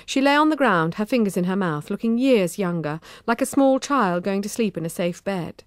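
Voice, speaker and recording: A woman with a British accent narrating a children's audiobook in an expressive, measured way on a close studio mic. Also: mid-range voice, no echo.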